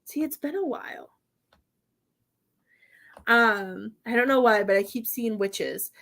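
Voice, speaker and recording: A woman gives a psychic medium reading on a live stream in a slightly high, gravelly, fairly bright voice, taking her time. She speaks haltingly and rambles with many fillers, often becoming emotional and choked up.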